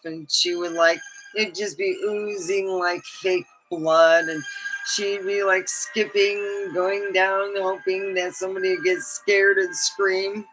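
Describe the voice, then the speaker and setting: Middle-aged woman livestream host, unhurried, bright-toned, chatty storyteller who laughs a lot, faint music behind. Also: mid-range voice, level tone, rough recording. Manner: chatty, laughs often, acts out quotes. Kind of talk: casual storytelling.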